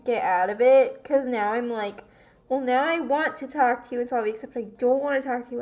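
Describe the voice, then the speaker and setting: Young woman, confessional gaming vlogger; rambles, swears freely, keeps cutting herself off. Fairly high voice, dull lo-fi audio. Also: a little fast, a little mellow. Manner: rambling, swears often, self-interrupting.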